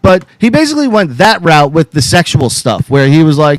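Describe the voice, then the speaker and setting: A man's voice: a little high, big pitch swings, a little fast, dry recording, rough recording. A man hosting a podcast, ranting angrily and swearing constantly, all worked up. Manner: profane, angry and fired up; calls out to co-hosts by name. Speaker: podcast host. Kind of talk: heated podcast rant.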